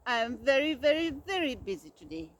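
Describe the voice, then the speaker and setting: A woman voicing a grumpy, stubborn male bear in a storybook, loud and emphatic. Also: high-pitched, sing-song, fairly quick.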